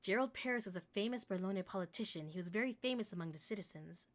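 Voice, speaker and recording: A woman's voice: medium pitch, lively intonation, quick pace. A woman game streamer who jokes, laughs often and reads the story text aloud.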